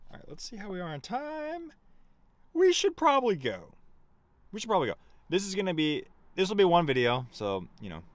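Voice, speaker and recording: A man's voice: fairly low pitch, fairly bright tone. A young man telling a road-trip story in a loose, rambling way, swearing often and laughing at himself. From United States. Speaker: vlogger. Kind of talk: casual storytelling to camera.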